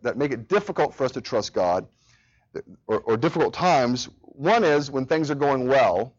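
A man in his thirties leading a church Bible study, earnest and repeating phrases for emphasis. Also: medium pitch. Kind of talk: teaching a church study group. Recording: dull lo-fi recording.

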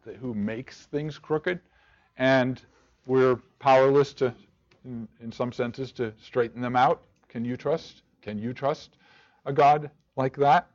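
A man's voice: mid-range voice, lo-fi sound. A man leading a church study group, asking rhetorical questions and often restarting his words. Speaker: Bible study teacher. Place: room with a group of listeners.

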